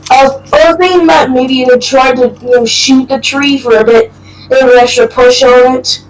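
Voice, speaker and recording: A woman's voice: sits high, steady tone, normal speed, far from the mic, soft background music, rough recording. A woman playing in a role-play game, making dry wisecracks. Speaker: player.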